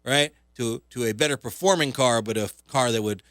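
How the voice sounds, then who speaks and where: A man's voice: mid-range voice, brisk, a bit bright, no echo, clean studio sound. Sarcastic, rambling male radio host. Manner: sarcastic, self-mocking, rambling with fillers. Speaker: talk radio host and comedian. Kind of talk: casual comedic radio monologue.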